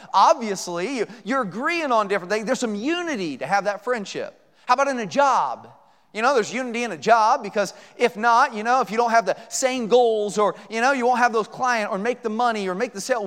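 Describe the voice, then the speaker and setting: A man with a strikingly high voice preaches to a church congregation. His delivery is folksy and conversational, full of jokes and asides. His words ring out with a long reverb in a big hall. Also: fairly bright tone. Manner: folksy, joking, conversational with rhetorical questions. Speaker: guest preacher. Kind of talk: sermon. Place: church sanctuary.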